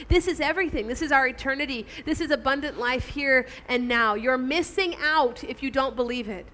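A woman with a high, bright voice preaches to her congregation. She is earnest and emphatic and asks her listeners direct questions. The sermon is delivered in a church. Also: moderate pace, hardly any pauses, a little hiss or hum. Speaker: pastor.

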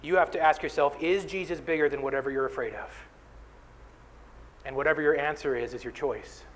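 A man's voice: a little high, brisk, a bit bright, a little hiss or hum. A man pastor preaching an earnest sermon, speaking directly to the congregation in a church hall.

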